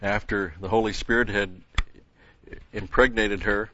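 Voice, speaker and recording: A man's voice: lowish voice, fairly even intonation, measured pace, pushed and bright, lo-fi sound. A man preaching a sermon who reads scripture aloud with rising emphasis, then explains it in plain asides.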